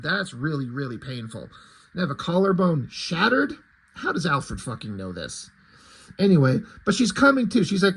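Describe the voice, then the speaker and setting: Husky, profane, rambling comic reviewer. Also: male voice, on the high side, pushed and bright, poor audio. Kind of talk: casual video review.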